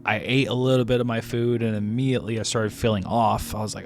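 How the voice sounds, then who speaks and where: A man's voice: medium pitch, steady tone, fast talker, soft background music. A man casually telling a story about his day at the movies, rambling with frequent restarts and self-corrections, laughing at himself. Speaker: movie reviewer.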